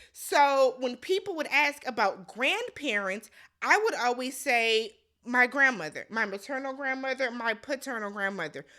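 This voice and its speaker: A woman's voice: high-pitched, pushed and bright. A woman giving a blunt, exasperated casual recap commentary, talking straight to the viewer. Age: adult. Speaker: recap vlogger.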